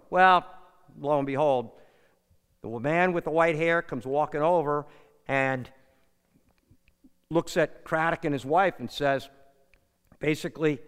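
A man preaching a sermon and telling a story, swinging between loud and hushed and acting out the people in it. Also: fairly high pitch, measured pace, clean tone. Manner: animated, rises and drops in volume, acts out characters in the story. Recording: long reverb of a large hall.

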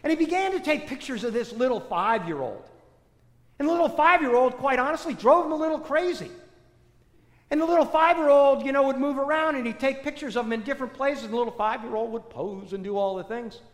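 A man preaching a storytelling sermon, animated, swinging between loud bursts and hushed, low passages. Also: a little fast. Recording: echoey hall with long reverb.

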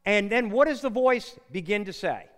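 A man's voice: high voice, animated, moderate pace, a bit bright. A man preaching a sermon in a chatty, storytelling way, acting out quotes and tossing in asides. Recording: long hall reverb.

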